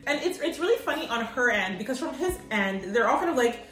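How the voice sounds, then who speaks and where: A woman co-hosting a casual podcast, chatting in an animated way, laughing often and acting out quotes. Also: fairly high pitch, brisk. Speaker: podcast co-host. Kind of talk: casual chat. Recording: echoey room, a bit far from mic, faint music.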